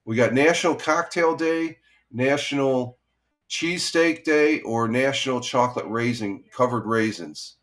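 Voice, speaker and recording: A man's voice: medium pitch, unhurried, fairly bright tone. A middle-aged man hosting a casual morning chat stream, rambling with many restarts and greeting viewers by name. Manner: rambling, restarts a lot, chuckles. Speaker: live stream host.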